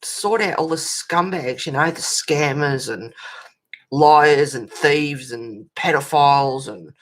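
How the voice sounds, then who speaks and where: A woman's voice: deep voice, slow. An Australian woman chatting bluntly while colouring on a livestream, ranting and swearing freely and reacting to chat messages.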